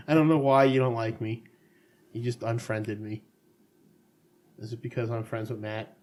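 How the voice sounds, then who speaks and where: A man's voice: medium pitch, flat delivery, measured pace, a little mellow, slight background noise. A middle-aged man co-hosting a casual podcast chat, joking around and laughing often. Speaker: podcast co-host.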